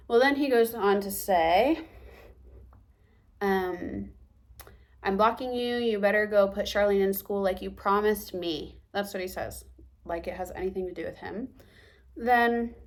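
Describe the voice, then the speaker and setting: Young woman telling a storytime vlog. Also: medium pitch. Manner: animated, quotes people in dialogue, drops to a whisper for asides. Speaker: vlogger.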